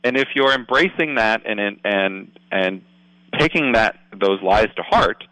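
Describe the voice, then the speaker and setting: A man's voice: on the low side, animated, measured pace, sharp tone, no echo, rough recording. A man speaking as a political guest on a radio show, earnest and explanatory, often asking "right?". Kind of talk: casual radio talk.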